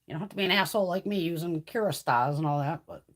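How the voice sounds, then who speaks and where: Husky-voiced woman chatting on a livestream. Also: quick pace. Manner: swears freely, coaxes her cat in a high sing-song. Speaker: beauty livestream host. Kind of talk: casual livestream chat.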